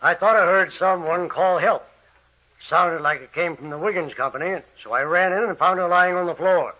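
An actor playing an office worker who explains urgently in an old radio drama. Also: male voice, high voice, moderate pace. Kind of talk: 1940s radio drama acting. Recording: tinny old radio recording.

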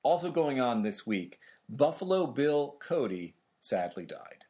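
A man's voice: mid-range voice, a little slow. Man casually explaining history. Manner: relaxed, explains events conversationally. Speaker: podcast co-host.

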